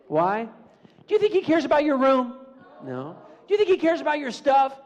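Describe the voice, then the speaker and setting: A man's voice: high-pitched, a little fast, lo-fi sound, a faint crowd. A man giving a playful motivational talk to a room full of students and calling for the audience to answer back. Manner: playful, animated, calls for audience responses. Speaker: motivational speaker. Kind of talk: school assembly talk.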